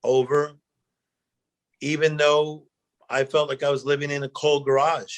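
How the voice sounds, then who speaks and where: A middle-aged man, a guest speaker, telling animated personal stories in a chat and acting out the quotes. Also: a little high, unhurried. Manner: animated storyteller, acts out quotes, emotional. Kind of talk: storytelling interview chat.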